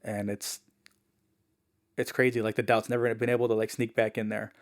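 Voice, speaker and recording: A man guest on a podcast, telling a personal story in a casual, animated way, full of "like" and "man". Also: fairly low pitch, moderate pace. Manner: animated, acts out the people he quotes; fillers like "man" and "like".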